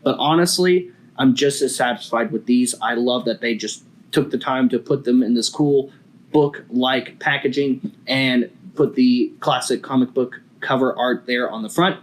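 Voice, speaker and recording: A man's voice: mid-range voice, moderate pace. A man hosting a casual toy review video, chatty and enthusiastic.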